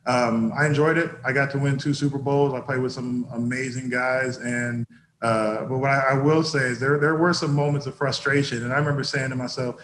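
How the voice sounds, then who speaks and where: A middle-aged man, a former football player, talking in a reflective, measured way as an interview guest, often restarting his sentences. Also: medium pitch, fairly even intonation, fairly bright tone, roomy sound, low-quality recording. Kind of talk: casual interview talk.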